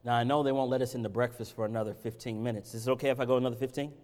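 A man preaching a sermon. He swings between loud, impassioned peaks and low, conversational Bible teaching. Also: steady tone, very fast. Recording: reverberant hall.

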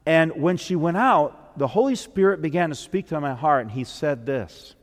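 A man, a minister, preaching a sermon as an earnest storyteller who builds up and then drops soft. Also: a little high, lively intonation, normal speed. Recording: long hall reverb.

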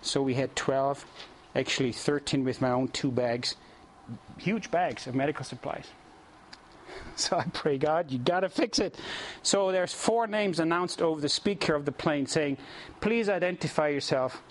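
A man preaching and telling a lively story to a congregation, animated and often chuckling as he addresses the audience directly. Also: fairly high pitch, a little slow, a little hiss or hum. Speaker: preacher leading mission trips. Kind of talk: storytelling sermon.

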